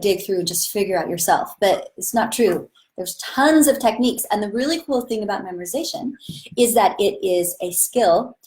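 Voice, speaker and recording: A woman acting teacher talks through a live-streamed lesson, chatty and enthusiastic, in a mid-pitched voice. Her delivery is casual and she slips into sudden bursts as she demonstrates. The sound comes from a simple webcam-style mic. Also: a little mellow. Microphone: webcam or phone on a live stream.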